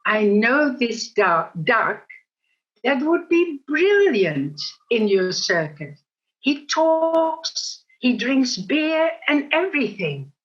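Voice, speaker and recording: A woman's voice: high-pitched, big pitch swings, takes it slowly, heavily acted. An older woman voicing an amazed, chatty male pub landlord with an eager, exclaiming manner in a joke she tells, on a dull lo-fi recording.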